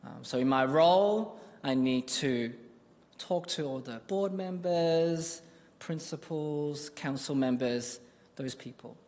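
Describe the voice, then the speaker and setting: A man with a fairly high voice delivers a sermon, weaving in a personal story in an earnest, conversational manner. His voice carries a long reverb, as if from a large hall. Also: slow, darkish tone. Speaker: preacher.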